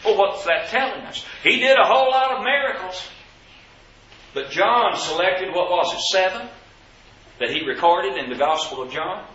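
A man's voice: high voice, lively intonation, moderate pace, pushed and bright, roomy sound, highs cut off. A man preaching a sermon to his congregation, asking rhetorical questions with emphasis.

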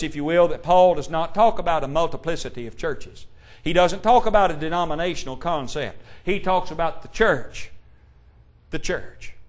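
A man preaching a sermon, asking the congregation rhetorical questions and quoting old-style scripture, shifting between loud emphasis and hushed tones. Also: fairly high pitch. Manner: King James scripture quotations.

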